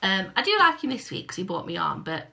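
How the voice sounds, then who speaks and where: A woman's voice: medium pitch, big pitch swings, fast, vocal fry, sharp tone. A woman talking casually to camera at home for her vlog, rambling and self-deprecating. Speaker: crochet vlogger. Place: at home by a window.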